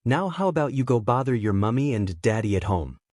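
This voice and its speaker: A man voicing a rude young male villain with a raspy, curt, dismissive way of talking. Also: mid-range voice, very animated, brisk, darkish tone, no echo, clean studio sound, lightly acted.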